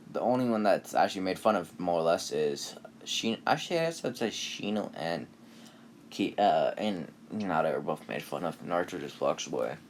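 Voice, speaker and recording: Young guy with a deep low voice rambling thru a fan story, lots of uhs and likes, half distracted by his game. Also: very animated, moderate pace, slight background noise. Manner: filler-heavy, distracted, swears casually. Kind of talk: casual rambling fan-fiction retelling.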